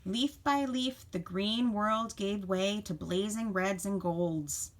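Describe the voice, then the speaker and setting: A woman teacher reading a picture book aloud to children, expressive and asking them questions along the way. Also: medium pitch, takes it slowly. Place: home.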